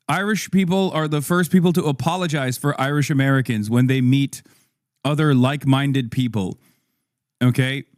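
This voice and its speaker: A man's voice: medium pitch, fairly even intonation, normal speed, darkish tone, no room sound, studio quality. A man streaming, riffing casually with profanity and frequent laughs as he reacts to a video.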